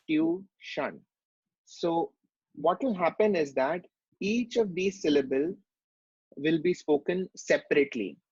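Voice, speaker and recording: A man's voice: on the high side, a little mellow, slightly rough, dry recording, lo-fi sound. A man giving a medical lecture, explaining step by step and asking rhetorical questions.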